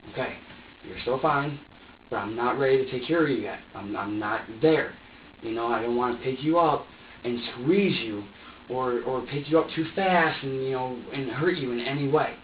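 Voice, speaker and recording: A man's voice: mid-range voice, a little hiss or hum. A young man under police interrogation, confessing in an agitated, profane way, stammering and repeating himself. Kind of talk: emotional confession. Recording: echoey distant lo-fi interrogation room recording.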